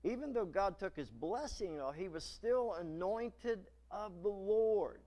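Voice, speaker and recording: High-voiced preacher telling a story. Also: male voice, a little slow. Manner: dramatic storytelling, animated. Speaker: pastor. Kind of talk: sermon. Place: church.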